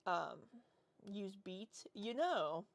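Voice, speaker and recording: Woman in her forties, slow unhurried talk, dry close sound, casual livestream chat, rambling. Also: mid-range voice, sing-song, vocal fry, no room sound. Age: 40s. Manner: rambling, reads chat aloud and answers. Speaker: livestream host.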